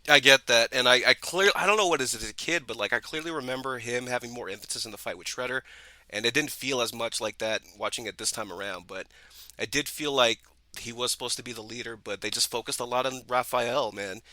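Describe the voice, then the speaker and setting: A man's voice: mid-range voice, brisk, sharp tone, no echo, low-quality recording. A man co-hosting a casual movie review podcast, talking enthusiastically in long rambling runs full of restarts. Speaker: podcast co-host.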